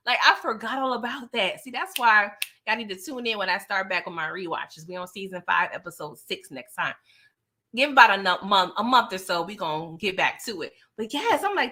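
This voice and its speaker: A woman's voice: medium pitch, moderate pace. A woman casually recapping a TV series, acting out the characters' lines with lots of laughs. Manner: animated, acts out characters' lines, laughs often. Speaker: TV recap YouTuber.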